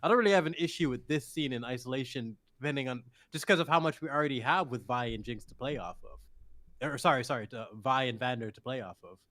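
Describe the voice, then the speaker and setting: A man's voice: mid-range voice, fast talker, a bit bright, dry recording. A man discussing a TV show on a podcast, stammering through restarts and swearing. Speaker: podcast guest. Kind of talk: casual show breakdown chat.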